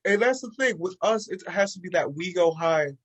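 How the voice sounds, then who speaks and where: A man co-hosting a casual sports and music podcast with a fairly high voice. He talks in an animated way and jumps up in pitch when acting out what other people say. The delivery is loose, with plenty of fillers. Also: normal speed, husky, rough recording. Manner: animated, acts out quotes in a raised voice. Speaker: podcast co-host. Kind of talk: casual chat.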